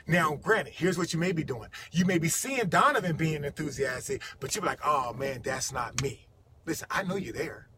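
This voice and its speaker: A middle-aged man giving an energetic, emphatic motivational talk in a vlog, repeating his key phrases. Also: fairly high pitch, fairly quick, few pauses, background noise. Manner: energetic, emphatic, repetitive preaching. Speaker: motivational speaker.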